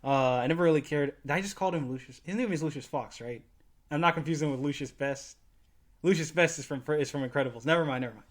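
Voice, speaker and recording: Slightly high-voiced man, rambling and laughing. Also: fast talker. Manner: rambling, laughs often, self-correcting. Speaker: podcast co-host. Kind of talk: casual film discussion.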